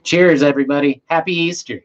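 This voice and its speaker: A man streams live from home, chatting casually with viewers in a laid-back way, swearing now and then and coughing between sentences. His fairly high voice stays steady and runs a little fast. The lo-fi stream audio sounds dull, with faint room hiss.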